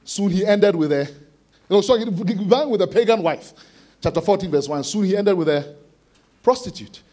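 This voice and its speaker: A man preaching an expository sermon to students, animated, acting out voices with sudden shouted bursts. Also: high voice, normal speed. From Ghana. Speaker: conference speaker preaching to students.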